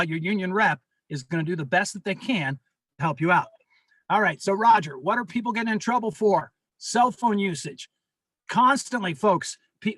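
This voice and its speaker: A man's voice: sits high, a bit bright, no room sound. A man speaking as a union representative at a members' meeting over a video call, earnestly pleading and repeating his warnings.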